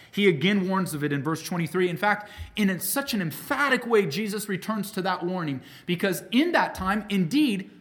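A man preaching a sermon as pastor, emphatic, swinging between loud peaks and quiet drops, calling his listeners friends. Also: high-pitched. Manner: addresses the congregation as friends.

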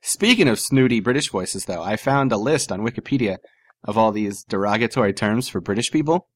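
A man co-hosting a podcast in casual banter, animated and sarcastic, laughing often. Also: on the low side, fairly quick, no room sound. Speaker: podcast co-host.

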